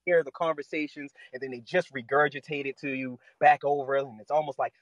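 A man calling in to a podcast, telling a story in an excited, casual way and often jumping his voice up high. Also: quick pace, few pauses, no echo, dull audio. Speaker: caller. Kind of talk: casual call-in chat.

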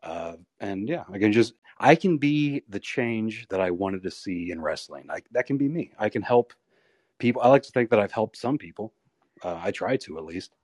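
A male pro wrestler in his thirties, a guest on a podcast, telling candid, profane stories in a rambling, animated way. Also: lowish voice, normal speed, no room sound. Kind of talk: candid storytelling interview.

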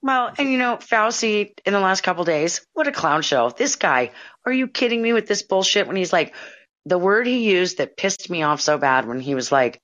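A hoarse woman with a cold, chatting and sounding indignant as a podcast co-host. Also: medium pitch, very animated, moderate pace, a bit bright, dull audio. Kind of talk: casual chat.

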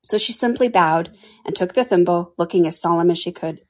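A woman reading a children's storybook aloud in a measured way, with small slips and restarts. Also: fairly low pitch, low-quality recording. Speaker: podcast reader.

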